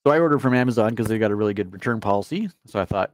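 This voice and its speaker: A man's voice: medium pitch, quick pace, hardly any pauses, a little mellow, no room sound, studio quality. A man from Canada co-hosting a gaming live stream, chatting in an easygoing way and laughing often. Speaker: podcast co-host. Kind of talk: casual live-stream chat.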